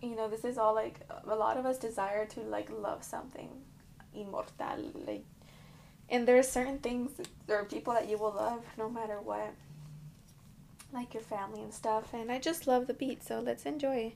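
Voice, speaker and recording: A woman's voice: on the high side, steady tone, normal speed, vocal fry, a little mellow, a little hiss or hum. A woman hosting a podcast in casual chat, rambling and swearing freely while getting ready at home. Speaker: podcast host. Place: indoors at home, curling hair.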